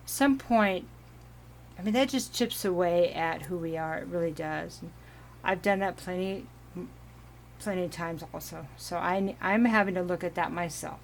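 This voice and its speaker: A woman giving a casual, meandering tarot reading at home, giggling now and then and clearing her throat from allergies. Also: fairly low pitch, normal speed, slight background noise. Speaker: tarot reader.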